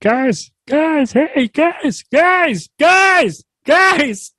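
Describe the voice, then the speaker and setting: A man voicing a nagging male frog who yells and pleads in a shrill, frantic voice. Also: very animated, drawn-out words, no echo, studio quality, full character voice.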